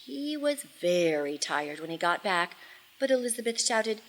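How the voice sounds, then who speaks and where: Animated woman storyteller. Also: medium pitch, measured pace, poor audio. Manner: expressive and animated, with dramatic hushes and shouts. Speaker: children's storyteller. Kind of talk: storytime reading for children.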